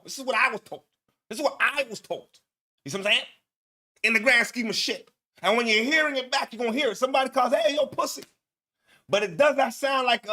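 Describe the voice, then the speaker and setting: A man with a strikingly high voice gives loose, excitable commentary, talking over video clips with plenty of slang. He gets loud and animated as he reacts. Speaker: co-host. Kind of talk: casual commentary.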